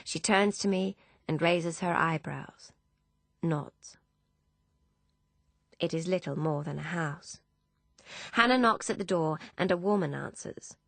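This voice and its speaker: Low-voiced woman narrating an audiobook. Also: slow pace, vocal fry, pauses often, no room sound. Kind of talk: first-person audiobook narration.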